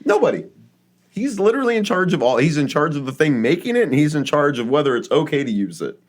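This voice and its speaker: A man's voice: a little high, very animated, fast talker. A man hosting a casual podcast, telling a researched story in a chatty way with frequent fillers. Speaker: podcast host.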